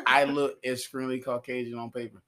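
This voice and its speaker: A man from Georgia, co-hosting a casual comedy podcast, animated and profane, laughing often. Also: medium pitch, normal speed. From Georgia, US South. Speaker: podcast co-host.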